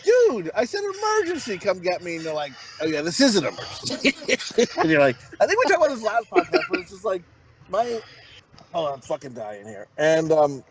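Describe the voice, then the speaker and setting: A middle-aged man co-hosting a podcast, rambling and swearing as he tells stories, with loud acted-out quotes. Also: sits high. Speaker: podcast co-host. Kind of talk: casual comedic chat.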